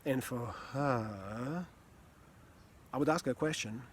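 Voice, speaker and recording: A man teaching about communication in a casual, animated way, often easing into a soft, low near-whisper. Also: slow pace, slight background noise. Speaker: communication coach.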